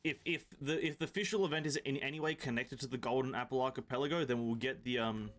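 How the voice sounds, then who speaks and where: This European game streamer speaks quickly in a medium-pitched, fairly bright voice. During his casual live-stream chat he swears freely and banters with his viewers.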